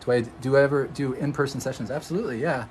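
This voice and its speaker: A man's voice: mid-range voice, rapid-fire, slight background noise, rough recording. A man from Oregon, an energy healer, chatting casually on a livestream, rambling and answering viewer comments. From Oregon, USA.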